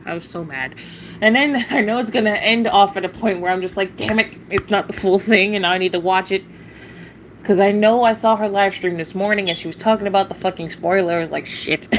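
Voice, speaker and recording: A woman's voice: mid-range voice, a bit bright, a little hiss or hum, rough recording. A woman venting on a casual livestream, blunt and profane, rambling with sighs and short laughs.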